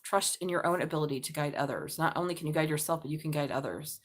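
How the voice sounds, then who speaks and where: A woman reads tarot cards on a live stream from her bed. Her voice sits fairly low but leaps upward whenever she gets excited. She thinks out loud, with many sudden exclamations. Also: fast. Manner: animated, exclaiming, thinking aloud. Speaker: tarot reader. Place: bedroom.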